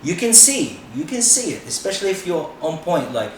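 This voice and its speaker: A middle-aged man from Australia, appearing as a podcast guest, speaks in a high, sing-song voice that runs a little fast. He chats casually and frankly, swearing freely and leaning on "you know." The audio is noisy, with a far-off mic in a very echoey room.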